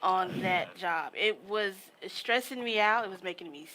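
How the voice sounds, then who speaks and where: A woman guest on a podcast, calmly telling how she came to start her own business. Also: mid-range voice, measured pace. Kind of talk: casual interview. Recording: faint background noise.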